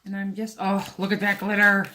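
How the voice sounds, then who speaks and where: A woman's voice: mid-range voice, completely flat delivery, fairly quick, background noise. A woman talking through a sewing and painting craft tutorial in a casual, chatty way, speaking straight to the viewer as she works. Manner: chatty, talks to the viewer while working. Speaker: craft vlogger.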